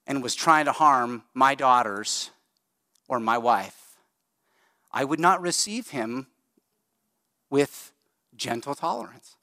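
A middle-aged male pastor preaching a sermon in a conversational, animated way, speeding up and slowing down for emphasis. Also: mid-range voice, no room sound, studio quality. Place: church sanctuary.

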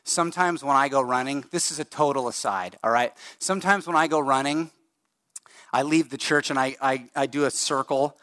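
Animated, bright-voiced male pastor preaching. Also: mid-range voice, no echo, studio quality. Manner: conversational, animated, speeds up and slows down for emphasis. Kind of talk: sermon. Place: church sanctuary.

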